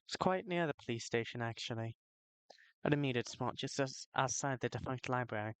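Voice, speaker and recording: A man's voice: medium pitch, a little fast, fairly bright tone, clean tone, dry recording, lightly acted. A man voicing a woman customer in a put-on British accent, reading her lines politely from a game.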